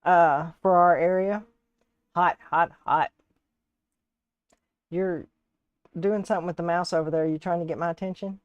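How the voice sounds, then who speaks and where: A woman's voice: on the low side, fairly even intonation, normal speed, pauses often, smooth, dry recording, lo-fi sound. A woman from Texas and Alabama with a Southern US accent, hosting a casual live crafting stream, chatty and often laughing as she greets viewers by name. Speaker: live-stream host and resin artist.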